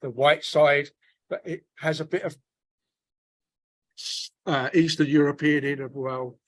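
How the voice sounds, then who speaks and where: A man's voice: a little high, fairly even intonation, unhurried, a little hiss or hum. A man with a working-class North London accent, chatting casually in a book club discussion, often restarting and searching for words. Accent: working-class North London English.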